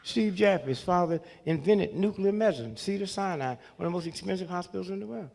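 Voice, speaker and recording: High, gravelly older man telling folksy tales. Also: fairly quick, a little mellow. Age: 70s. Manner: folksy, chuckling, keeps checking in with the crowd. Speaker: comedian and speaker. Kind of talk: humorous storytelling to a live audience.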